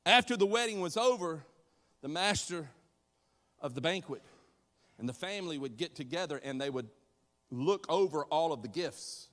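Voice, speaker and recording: A man preaching a sermon in a church, conversational and animated, joking with the congregation and acting out voices. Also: a little high, moderate pace, long pauses, long reverb tail. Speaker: pastor.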